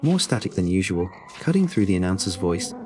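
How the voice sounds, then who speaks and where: Casting note: male horror narrator, low voice with lively pitch, tense and suspenseful. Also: a little fast, background noise. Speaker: horror storyteller. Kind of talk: scripted first-person horror narration.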